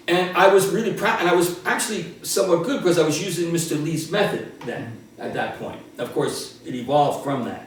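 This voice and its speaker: A man's voice: on the high side, a little fast, hardly any pauses, a little hiss or hum. Man in his sixties, echoey room. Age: 60s. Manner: animated, laughing storyteller. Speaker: martial arts instructor. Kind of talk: casual storytelling. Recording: roomy, distant from the mic.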